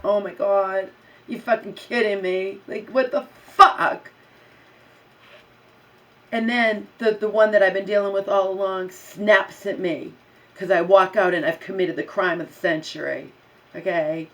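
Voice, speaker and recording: A woman's voice: medium pitch, steady tone, unhurried, far from the mic, low-quality recording. Agitated woman ranting, a bit off-mic. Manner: agitated, swearing, repeats herself. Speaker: vlogger. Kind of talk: angry personal rant.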